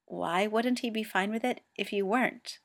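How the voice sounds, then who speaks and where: A woman's voice: medium pitch, normal speed, natural voice. A woman voicing a blunt, dryly teasing teen boy. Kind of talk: amateur audiobook reading.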